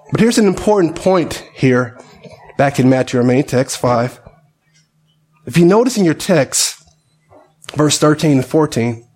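Male pastor, high voice, conversational sermon that questions the congregation.

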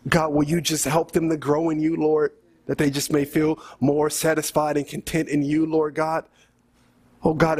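A man's voice: a little high, a little mellow. A male preacher giving an earnest sermon, then leading a prayer, pleading with listeners and often calling out "saints" and "God".

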